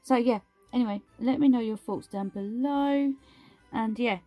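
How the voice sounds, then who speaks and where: A woman's voice: on the high side, moderate pace, dark tone, dry recording, soft background music. A woman vlogger chatting casually through a nail art unboxing, gushing and exclaiming over each item.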